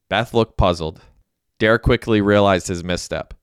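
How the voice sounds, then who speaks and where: A man with a low, smooth, resonant voice reads a novel as an audiobook. His storytelling is even and steady. He is recorded on a close mic in a dry room. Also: moderate pace, no room sound. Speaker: narrator. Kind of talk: audiobook narration.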